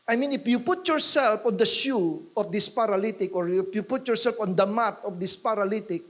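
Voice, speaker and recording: A man's voice: high-pitched, fairly quick, fairly bright tone. A Filipino man preaching a sermon in church, emphatic and repeating key lines for effect, slipping into Tagalog now and then. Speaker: pastor.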